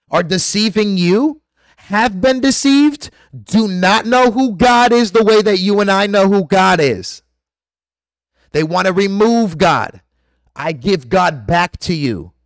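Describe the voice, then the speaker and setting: A man's voice: high voice, no echo, clean studio sound. A man delivering an aggressive, profane, preachy rant straight to his viewers as a vlogger. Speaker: conspiracy vlogger. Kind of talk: ranting monologue to camera.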